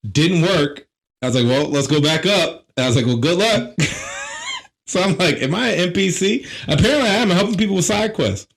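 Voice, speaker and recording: A man's voice: sits high, lively intonation, fairly quick, creaky. A man co-hosting a comedy podcast, telling everyday stories in a laid-back, casual way. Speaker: podcast co-host.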